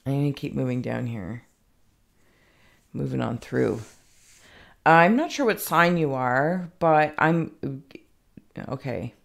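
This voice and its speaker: Speaking slowly in a bass voice with vocal fry, a woman delivers a casual spoken psychic reading and pauses often. She thinks out loud, rambling with plenty of fillers and the occasional self-mocking remark.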